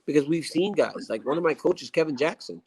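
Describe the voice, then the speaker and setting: A man in his forties, a former fighter, talking as a guest in a casual interview in a relaxed, reflective way, often restarting his sentences. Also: a little high, fairly quick, a little hiss or hum, rough recording.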